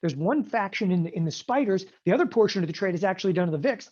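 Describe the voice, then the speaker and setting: Emphatic man pitching a trading seminar. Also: fast, few pauses. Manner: emphatic, animated, keeps asking "okay?". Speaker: trading instructor. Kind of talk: online seminar sales pitch. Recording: dull lo-fi webinar audio.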